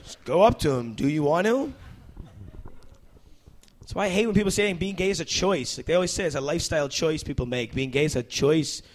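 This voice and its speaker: A young man doing stand-up comedy, then chatting as a talk show guest, rambling and interrupting himself with animated bursts. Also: a little high, fast. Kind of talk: stand-up set then casual chat.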